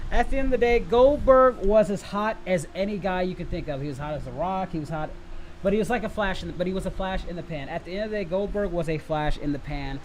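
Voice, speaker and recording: A man hosting a casual livestream Q&A, rambling and repeating himself, with sudden bursts of shouting and laughter at his chat. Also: high-pitched, slight background noise, low-quality recording. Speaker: livestream host answering chat.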